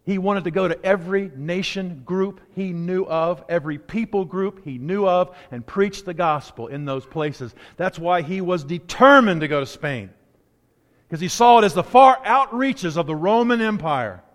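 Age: unknown. Role: preacher. Style: conversational sermon with stories and asides. Pitch: high for a man. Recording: long hall reverb in a church sanctuary. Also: moderate pace, fairly bright tone.

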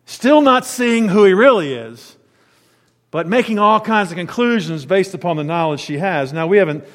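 High-voiced preacher in a reverberant hall. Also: male voice, moderate pace. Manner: conversational, animated, searching for words. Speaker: pastor. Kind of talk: sermon. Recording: long reverb of a large hall.

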